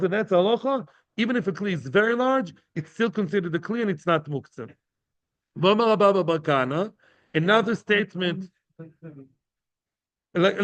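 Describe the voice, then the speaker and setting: A man's voice: high voice, fairly bright tone. A man teaching a daily Talmud class to a live group. He translates each phrase, repeats himself and checks in with the listeners. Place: study hall with a live class.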